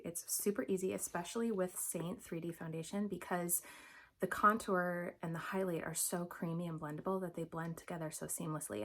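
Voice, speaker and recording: A woman's voice: fairly low pitch, vocal fry, slightly rough. A young adult woman talking through a makeup tutorial in a chatty, upbeat, instructive way. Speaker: makeup vlogger.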